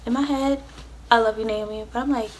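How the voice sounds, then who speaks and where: A woman's voice: a little high, steady tone, a little fast, slight background noise. A young adult woman vlogger telling a storytime tale, rambling and swearing, with lots of "like". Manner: rambling, profane, filled with "like". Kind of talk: storytime vlog.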